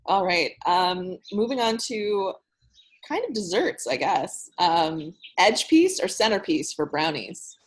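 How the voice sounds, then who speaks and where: Husky, lively woman podcast host. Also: on the low side. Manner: lively, quick to laugh, leads the questions. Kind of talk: casual podcast chat.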